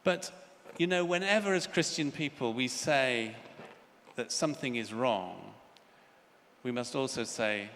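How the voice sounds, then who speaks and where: Speaking at a measured pace in a mid-range voice, this older man gives a sincere plenary talk at a conference, telling stories and imitating children's voices. The large hall is reverberant, with faint ambience and some background noise.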